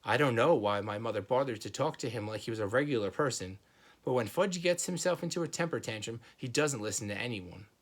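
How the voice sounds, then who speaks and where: Male reader, steady storytelling, medium pitch, children's chapter book. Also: a little fast.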